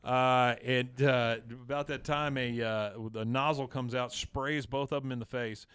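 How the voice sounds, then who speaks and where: A man's voice: mid-range voice, fairly even intonation, a little slow, fairly bright tone, clean tone, no room sound. A man casually recapping a cartoon episode on a podcast, rambling with lots of fillers and acting out the lines.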